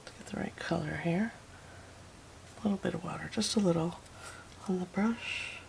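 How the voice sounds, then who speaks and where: A woman's voice: on the low side, moderate pace, vocal fry, slight background noise. A woman teaching a watercolor painting tutorial, talking to herself as she works and often slipping into a whisper. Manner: soft, often drops to a whisper while painting; relaxed, self-talking, fond of little asides.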